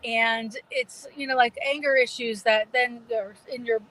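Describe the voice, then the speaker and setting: A woman's voice: fairly high pitch, fairly even intonation, a little slow, fairly bright tone, low-quality recording. A middle-aged woman with a New England accent, chatting casually as a guest, with lots of fillers and restarts. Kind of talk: casual video chat.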